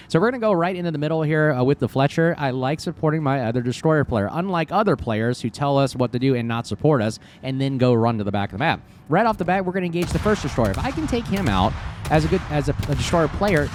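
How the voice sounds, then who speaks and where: Brief: man, casual game commentator, chatty and excitable, mid-pitched, fillers throughout. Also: a little hiss or hum. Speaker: gameplay commentator.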